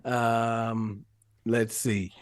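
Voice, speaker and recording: A man, a former pro football receiver, tells stories on a podcast with lots of laughter and sudden jumps in pitch. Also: drawn-out words, dry recording, studio quality. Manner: animated storyteller, laughs often, sudden rises in pitch. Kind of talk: casual podcast chat and storytelling.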